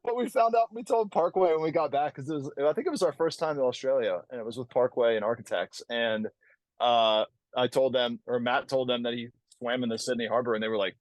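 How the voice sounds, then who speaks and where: A man from the United States talks easily as a guest on an interview show. He tells his stories in a lively way and laughs between sentences. The sound is dry and close, with no room echo. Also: mid-range voice, brisk. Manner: laughs often, animated storyteller. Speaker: guest musician. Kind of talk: casual interview chat.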